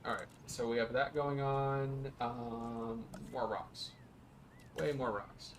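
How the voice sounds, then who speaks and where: A man's voice: mid-range voice, fairly even intonation, takes it slowly, heavy background noise. Joking, rambling male let's play host. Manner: joking, rambling and self-mocking. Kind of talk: casual gameplay commentary.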